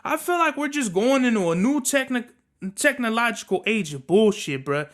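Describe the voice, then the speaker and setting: A young man hosting a podcast, telling work stories in an animated, profane rant. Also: very high-pitched, moderate pace. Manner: animated, cursing, storytelling. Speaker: podcast host.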